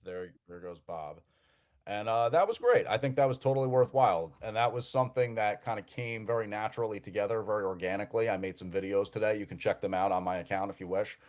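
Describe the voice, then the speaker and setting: A man from New Jersey hosts a live call-in show in an easygoing, conversational way. His voice sits a little low, and he often doubles words as he restarts his sentences. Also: fast, darkish tone. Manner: chatty, repeats words as he restarts. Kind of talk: casual live call-in chat.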